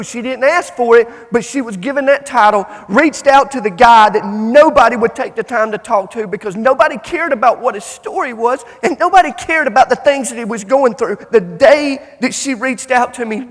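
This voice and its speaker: A man giving an emotional motivational speech to students, telling stories emphatically and swinging between loud and hushed delivery. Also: very high voice. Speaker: motivational speaker. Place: large conference hall. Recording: long hall reverb.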